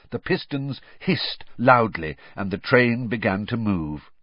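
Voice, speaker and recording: A man narrates a storybook in a low, husky voice with a lively, rising and falling pitch. The recording is dry and close, with a slightly dull tone. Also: slow, no room sound. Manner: expressive storybook reading. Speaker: audiobook narrator. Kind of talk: scripted narration.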